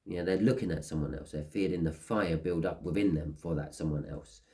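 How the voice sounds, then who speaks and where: A man talking through a tarot spread in a loose, rambling way, slipping into small acted-out scenes along the way. His voice sits on the low side. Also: fairly quick, dark tone. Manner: rambling, acts out little scenes. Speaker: tarot reader. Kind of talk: casual tarot reading monologue.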